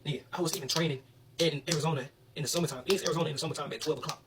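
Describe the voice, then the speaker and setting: A young man from Alabama telling a story in an animated, slangy way. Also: on the high side, rapid-fire, distant mic, background noise. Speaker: vlogger. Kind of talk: casual storytelling.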